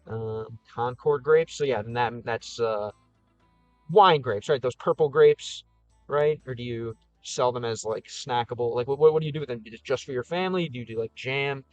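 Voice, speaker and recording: A man's voice: mid-range voice, moderate pace, no echo, muffled recording, soft background music. Easygoing man chatting on a livestream. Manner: easygoing, thinks aloud with frequent restarts. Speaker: streamer answering live chat. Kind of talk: casual livestream chat.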